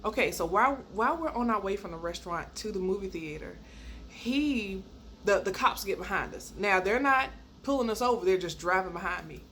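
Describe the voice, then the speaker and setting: A woman telling a personal story in a casual, animated way, laughing as she goes and jumping high when she acts out quoted lines. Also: fairly quick. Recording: faint background noise.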